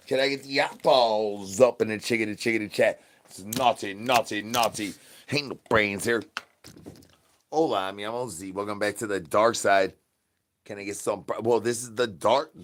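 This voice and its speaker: Male streamer, lowish voice, improvised raunchy rant, chant-like repetition, volume jumps. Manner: rambling, repetitive chanting, swings from mumbles to loud bursts. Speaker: comedy streamer. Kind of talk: crude improvised comedy rant.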